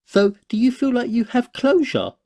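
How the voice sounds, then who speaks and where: A man's voice: extremely high pitch, big pitch swings, moderate pace, mellow, dry recording, clean studio sound, exaggerated voice. A man voicing a timid, nervous young male roommate in a cartoon, hesitant and stammering when put on the spot. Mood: worried. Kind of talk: cartoon voice acting.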